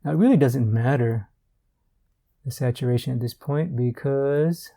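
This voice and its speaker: A man giving a relaxed art tutorial while he works, thinking aloud with fillers and repeated words. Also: mid-range voice, moderate pace, vocal fry. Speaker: art instructor.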